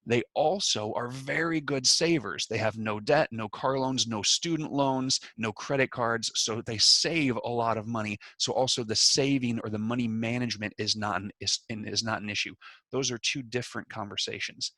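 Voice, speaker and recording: A man who is a financial planner, giving an energetic storytelling presentation on a video call. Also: mid-range voice, normal speed, no echo. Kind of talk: webinar presentation.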